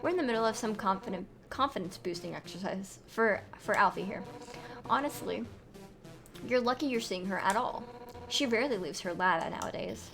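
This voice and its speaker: Woman doing a loud, brash fish warrior girl. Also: mid-range voice, lively intonation, brisk, close to an everyday voice. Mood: encouraging. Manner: shouty, boisterous, calls people punk. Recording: music playing underneath. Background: background music.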